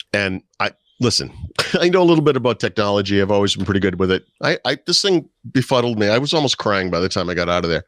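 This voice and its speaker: A man's voice: deep voice, a bit bright, dry recording, clean studio sound. A middle-aged man and podcast co-host, telling wry anecdotes in casual chat. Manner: storytelling, wry, puts on voices in anecdotes.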